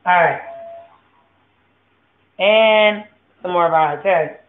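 A slow-talking home cook with a medium-pitched voice chats casually to the audience while cooking in a kitchen, swearing plenty. The cooking vlog's audio comes across as phone-like, tinny and echoey.

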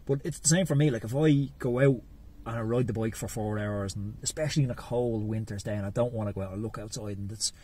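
Quick-talking husky Irish man. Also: lowish voice. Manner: animated storyteller, acts out his inner voices. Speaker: podcast guest, cycling coach. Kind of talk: casual chat.

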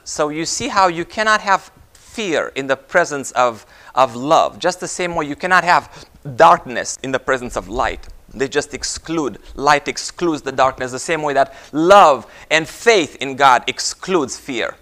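A man preaching a sermon, telling jokes and stories in an animated way. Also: measured pace. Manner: storytelling with jokes, animated rises in pitch.

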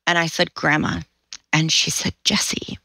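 Woman in her 40s, low voice, dry close mic, storyteller who acts out quotes. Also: moderate pace, sharp tone, dry recording, poor audio. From Washington State, USA. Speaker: podcast guest. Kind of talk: personal storytelling.

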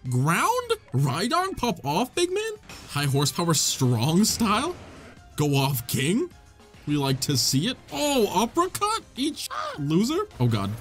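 A young man giving excitable let's play commentary, laughing, swearing and reading the dialogue aloud. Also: high-pitched, slow. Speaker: gaming YouTuber. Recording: faint game music behind. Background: faint game music.

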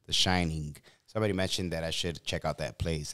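A man's voice: rumbling low, fairly even intonation, brisk, bright, forceful tone, dry recording, clean studio sound. A man hosting a podcast, talking in a laid-back, rambling way with many fillers. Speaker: podcast host. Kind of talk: casual chat.

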